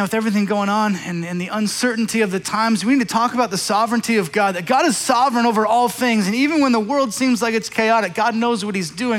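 A high-voiced man preaching a sermon to his congregation. He tells scripture stories with energy and acts out the figures as he goes. His voice rings with a long reverb through a big hall. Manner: animated storytelling, acting out biblical figures. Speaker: pastor.

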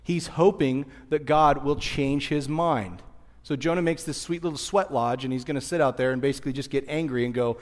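A man preaching a sermon and teaching from the pulpit, lively and conversational, briefly acting out the people in the story. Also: mid-range voice, brisk, in a large hall. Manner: animated, acts out voices of people in the story. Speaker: pastor.

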